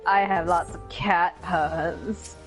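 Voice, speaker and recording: A woman's voice: on the low side, steady tone, slow pace, faint music behind. Wry, laid-back woman gaming. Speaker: let's play co-host. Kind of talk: casual gaming commentary.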